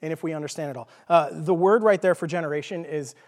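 A Texan man with a fairly high voice delivers an informal teaching sermon in a church. He talks casually and jokes, and often stops to ask "okay?". His voice rings with the long echo of a large hall. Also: fast. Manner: informal, jokey, checks in with "okay?". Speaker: preacher.

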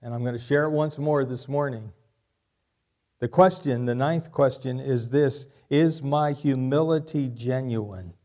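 A male pastor delivers a sermon in a voice of ordinary pitch for a man. He works through rhetorical questions and often says a key line twice. His preaching moves at a measured pace. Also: warm tone. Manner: repeats key lines, asks rhetorical questions.

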